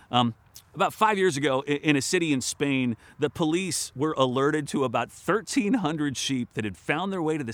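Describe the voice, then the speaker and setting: A man preaching a sermon as pastor, animated and conversational, often repeating words as he starts sentences and asking the congregation to respond. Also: on the high side. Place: church service, recorded for online broadcast.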